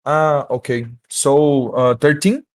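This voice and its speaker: A man's voice: mid-range voice, fairly even intonation, slow. A man playing in a tabletop game over a call, giving brief, hesitant answers. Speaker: player.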